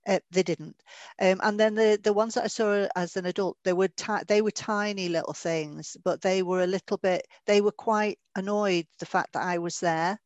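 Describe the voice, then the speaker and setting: A woman's voice: medium pitch, steady tone, normal speed, no room sound, muffled recording. A woman, a medium giving a podcast interview, who tells stories in a chatty, anecdotal way and laughs now and then. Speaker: guest medium.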